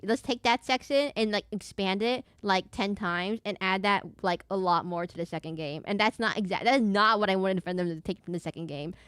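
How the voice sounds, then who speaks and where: Rambling fast-talking woman with a slight lisp. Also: medium pitch, clean tone, dry recording, clean studio sound. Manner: fast, rambling, self-correcting talk. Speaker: VTuber streamer. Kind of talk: casual live-stream chat while gaming.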